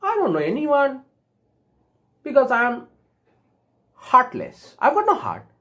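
A woman's voice: high-pitched, wildly swooping pitch, slow pace, sharp tone, voice pushed up, heavily acted. A woman voicing a sad, heartless tin man. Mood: plaintive.

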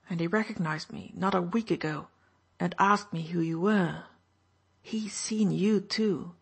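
A woman's voice: fairly low pitch, creaky. A woman reading an audiobook, voicing a weak, wounded male officer who snarls and taunts with open hostility. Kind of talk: audiobook narration.

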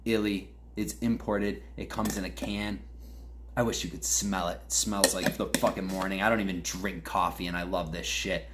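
A young podcast host with a deep voice and Western New York accent trash-talks his fantasy football league in a crude, mock-angry rant. He speaks at a normal speed over slight background noise.

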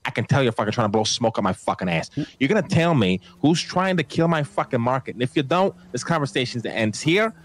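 Man voicing a threatening dealer, mid pitch, fast, profane. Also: very animated, a little hiss or hum, natural voice. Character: menacing male parts dealer, short-tempered. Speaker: streamer playing a role-play character. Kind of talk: voice-chat role-play.

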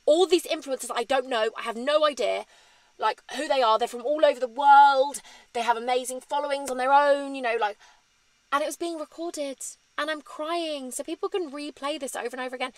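A woman's voice: on the high side, fast. A woman, chatting candidly in a rambling, emotional sit-down vlog. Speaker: vlogger.

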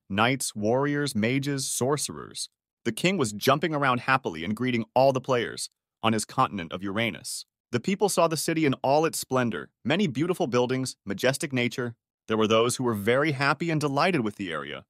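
Reading a story recap as scripted narration, a man lets his pitch rise and fall freely from line to line while keeping an even, steady delivery. The sound is close and dry, with no echo or room sound.

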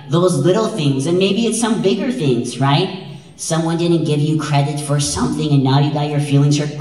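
A man from Wisconsin telling a traditional story on stage at an event, lively and drawing in the crowd with frequent questions. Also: on the high side. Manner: lively, engaging the audience with frequent "right?". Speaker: storyteller and dance presenter. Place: large event hall. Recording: echoey hall, voice from far off.

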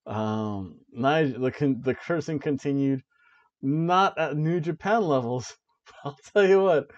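A man's voice: medium pitch, a little mellow, no room sound. A man hosting a wrestling review podcast, recapping the show in casual chat and laughing often as he goes. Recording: dull lo-fi dry recording.

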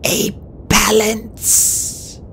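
A woman's voice: medium pitch, flat delivery, extremely slow, a bit bright, slight background noise, pitched above the performer's own voice. A woman voicing a ruthless, dying female dragon queen who speaks in terse, pained few words. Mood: cold.

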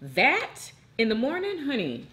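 A woman chatting away on her eating show, her voice swinging high and low as she talks, with a bright, forceful tone. she gushes to her viewers and keeps calling them "y'all". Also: a little slow, slight background noise. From United States. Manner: animated and effusive, talks straight to viewers as "y'all". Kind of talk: casual eating-show chat.

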